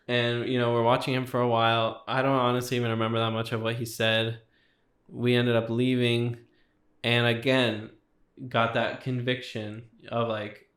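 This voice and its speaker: A man's voice: mid-range voice, flat delivery, moderate pace, a bit bright. Young guy telling his story in a casual way, says like a lot, voice kinda echoes in the room. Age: young adult. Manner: casual, filler-heavy storytelling with many likes. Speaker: guest. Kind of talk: personal testimony in casual chat.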